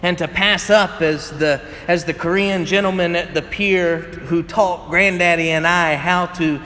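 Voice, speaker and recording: A man's voice: high-pitched, steady tone, unhurried, bright, forceful tone. A pastor giving a conversational sermon, a man who tells stories and laughs often as he preaches. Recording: echoey hall with faint ambience.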